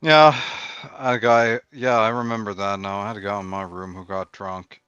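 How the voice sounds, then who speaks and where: Low-voiced, dry-humored man on a dull line. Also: flat delivery, normal speed, a bit bright, clear, resonant tone, no room sound. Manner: dry, blunt and profane. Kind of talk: casual chat.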